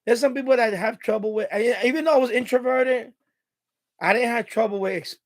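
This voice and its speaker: A man's voice: extremely high pitch, fairly quick, no room sound. A middle-aged man hosting a live stream, telling stories in a rambling, casual way, laughing often and repeating himself. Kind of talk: casual storytelling monologue.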